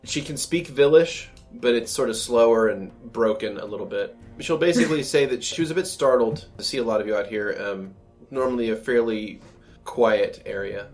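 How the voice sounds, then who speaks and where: A man's voice: medium pitch, moderate pace, soft background music. A man running a tabletop role-play game, describing scenes casually with fillers and laughs. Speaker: game master.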